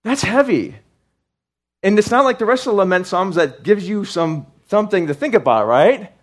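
Earnest preacher with fervent swells. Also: male voice, sits high, animated, a little fast. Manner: earnest, rising to fervent outbursts; conversational, with restarts and asides to the congregation. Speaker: pastor. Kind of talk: sermon.

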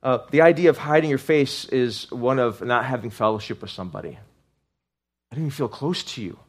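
A man's voice: medium pitch, expressive, a little fast, slightly rough. Male pastor, sermon delivery, conversational with restarts, rising to fervent peaks. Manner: earnest, rising to fervent outbursts; conversational, with restarts and asides to the congregation.

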